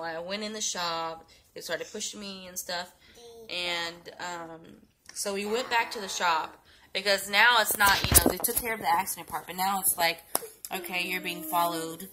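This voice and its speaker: A woman's voice: lowish voice, sharp tone, slight background noise, low-quality recording. A young woman telling a story in a casual vlog, tired and sick, rambling with many fillers and restarts. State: sleepy and sick, yawning. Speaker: vlogger.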